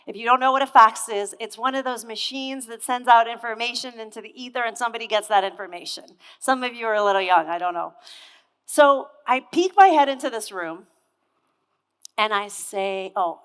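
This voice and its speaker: A woman in her thirties is on a conference hall stage delivering a motivational keynote, telling a lively story and posing questions straight to the crowd. Her mid-range voice sounds clean and fairly bright, and the echoey hall adds long reverb.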